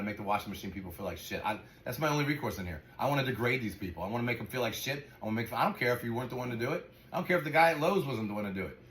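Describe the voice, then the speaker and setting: Frustrated and cursing openly, the man behind a dog sanctuary rants in a casual to-camera vlog. He has a medium-pitched, somewhat bright voice, and the room sounds echoey with faint noise.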